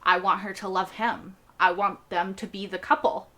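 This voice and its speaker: A woman's voice: medium pitch, little pitch movement, moderate pace, sharp tone. A young woman hosting a TV reaction video, rambling earnestly in casual chat and laughing often.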